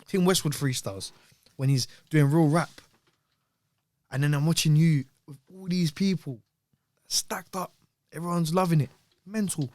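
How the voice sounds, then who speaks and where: A man's voice: a little high, no room sound. Young man telling stories. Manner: animated storyteller, heavy slang, repeats words. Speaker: podcast guest. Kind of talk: casual chat.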